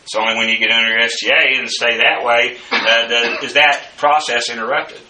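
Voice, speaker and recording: Bright-voiced male Bible teacher, roomy distant sound. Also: mid-range voice, steady tone. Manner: slow, deliberate lecturing with frequent fillers. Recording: echoey room, mic at a distance.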